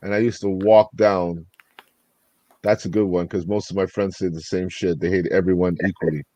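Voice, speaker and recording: A man's voice: low voice, moderate pace, no room sound. Guy on a podcast telling street stories, swears a lot, acts out the cops, super dry close mic. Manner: animated storyteller, swears freely, acts out both sides. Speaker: podcast co-host. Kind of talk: casual storytelling chat.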